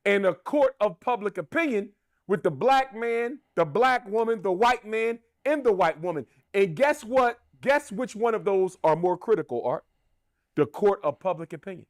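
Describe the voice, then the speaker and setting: A man hammers home his opinions in a high voice that swings widely in pitch. He is emphatic and rhetorical and repeats his points for effect. The sound is close and dry, with no room echo. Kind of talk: opinionated commentary.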